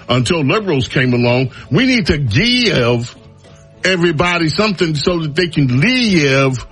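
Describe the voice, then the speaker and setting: A man's voice: on the high side, breathy edge. A male radio talk show host giving an opinionated, mocking monologue. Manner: mocking, drawling, animated.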